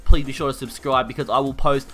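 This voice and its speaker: A young Australian man telling a story in a rowdy, profane, animated way. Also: mid-range voice, fast talker, faint music behind. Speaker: YouTuber. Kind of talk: casual storytelling while gaming.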